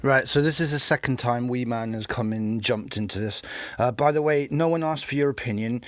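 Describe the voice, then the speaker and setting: A man's voice: mid-range voice, a little fast, no echo. A man giving scornful, mocking commentary over a recorded street debate.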